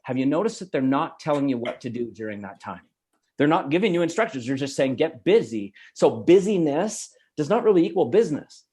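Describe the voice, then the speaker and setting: A middle-aged man from Canada, giving an energetic, emphatic motivational talk as a guest speaker. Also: on the high side, brisk, slightly rough. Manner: energetic, emphatic, laughs easily.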